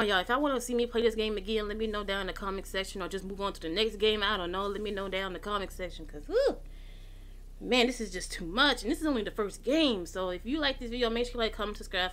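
A woman's voice: medium pitch, lively intonation, very fast, few pauses, a bit bright. A woman hosting a gaming channel, playing a horror game with panicky, swearing commentary. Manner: panicky, swearing, shrieking when chased.

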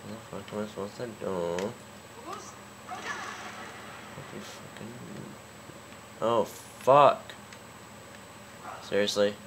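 A man's voice: on the low side, slight background noise. A man commentating a game, cursing constantly and getting angry, with a sore throat. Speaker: gaming YouTuber. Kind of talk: let's play commentary.

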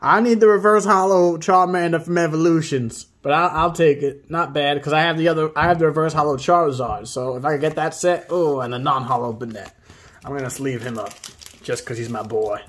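A man hosting a video where he opens trading card packs, reading off each card and breaking into excited high exclamations at the good ones. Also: fairly quick. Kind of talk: casual pack-opening commentary.

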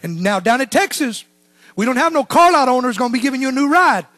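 A man preaching a sermon as pastor, swinging between shouted lines and hushed, low asides. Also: animated, fast talker, no echo.

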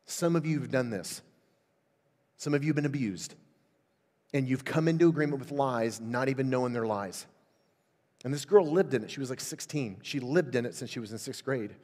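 A middle-aged man preaching at a revival, telling stories and building to loud, fervent exhortation. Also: mid-range voice, moderate pace. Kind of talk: sermon. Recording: long hall reverb.

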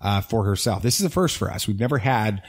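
A middle-aged man hosts a casual podcast with upbeat, teasing energy. His voice sits slightly low. He steers the chat between topics. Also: animated, quick pace, husky. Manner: upbeat, teasing, guides the talk. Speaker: podcast host.

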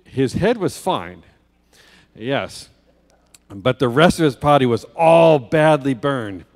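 A man's voice: medium pitch, expressive, takes it slowly. A man preaching as a guest speaker, telling a children's story in a church sanctuary with vivid detail and rhetorical questions. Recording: long church hall reverb.

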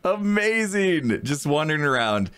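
A man narrates his game prank in a calm, conspiratorial play-by-play. His voice sits a little high and moves lively up and down. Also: a little slow, slight background noise. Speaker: gaming video creator.

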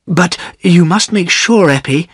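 A man playing a humble old male weaver in a storybook, anxious and raised in pitch. The reading is slow and dry. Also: a bit bright, husky, no echo, full character voice. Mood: worried. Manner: worried.

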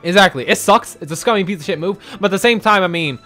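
A man's voice: high-pitched, fast talker, bright, forceful tone, soft background music. A man playing a visual novel, commenting in a crude, joking, giggly way, with lots of swearing. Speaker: gaming YouTuber reacting to a visual novel. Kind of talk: casual let's-play commentary.

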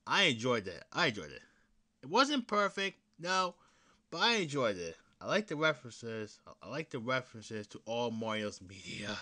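A young man hosting his own podcast, chatting casually in a rambling, laughing way, with frequent restarts and swearing, jumping between loud excited bursts and low mutters. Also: moderate pace. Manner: excited fan talk that drops to mutters and whispers. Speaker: podcast host. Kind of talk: casual solo podcast chat.

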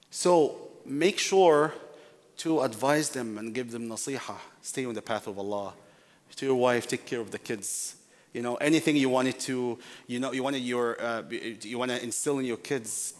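A man teaching a workshop in a sermon-like way, repeating key phrases for emphasis and addressing his listeners as brothers. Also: medium pitch. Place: large mosque hall. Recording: long hall reverb.

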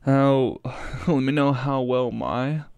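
A man's voice: mid-range voice, steady tone, slow, a little mellow, clean tone, no echo. A man hosting a reaction video, talking casually in a rambling way, swearing freely and breaking off mid-thought.

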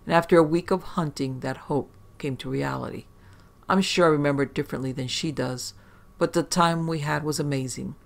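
A male storyteller reads a first-person supernatural tale in a wry, conversational manner, dropping profane asides along the way. His voice sits slightly higher than most men's and carries a persistent gravelly fry. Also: a little fast. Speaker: horror story narrator. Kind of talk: first-person scripted horror narration.

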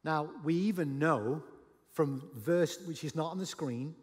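A man preaches with a somewhat high voice, animated and dramatic, now and then breaking into a shout. His words ring through the long reverb of a large church auditorium. He acts out the dialogue of the stories he tells. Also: unhurried. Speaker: pastor. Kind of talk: sermon.

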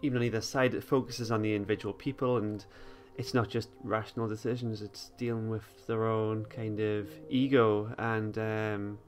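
A man co-hosting a podcast, making thoughtful, measured points in a casual discussion. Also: on the low side, flat delivery, soft background music. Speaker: podcast co-host.

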